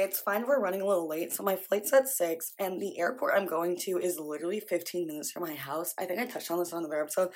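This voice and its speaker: A young woman from the American Midwest, chatting casually to the camera in a vlog, scattered and exasperated, with lots of "like" fillers. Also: on the low side. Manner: frequent "like" fillers. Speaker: vlogger.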